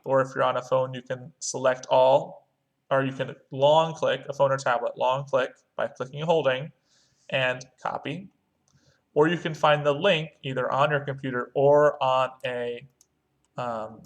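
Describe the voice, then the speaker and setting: Speaking at a medium pitch with a fairly bright tone, this male music teacher leads young pupils step by step through an online lesson captured on screen. He explains every click as he goes and chants the rhythm syllables aloud.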